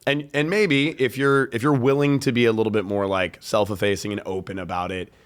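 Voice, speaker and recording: A man's voice: fairly low pitch, fairly even intonation, brisk, clean tone. A young man co-hosting a casual podcast chat, rambling and hesitant, with many fillers and restarts. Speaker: podcast co-host.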